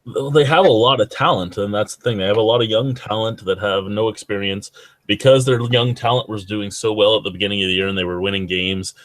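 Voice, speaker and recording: A man's voice: on the low side, brisk, a bit bright, no room sound. A young man hosting a podcast, rambling and swearing freely in casual chat. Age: young adult. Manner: profane, rambling hockey banter. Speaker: podcast host.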